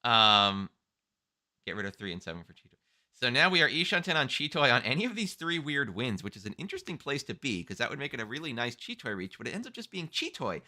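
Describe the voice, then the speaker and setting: A man's voice: mid-range voice, big pitch swings, fast talker, pushed and bright. A man co-hosting a mahjong stream, thinking aloud through plays in casual commentary.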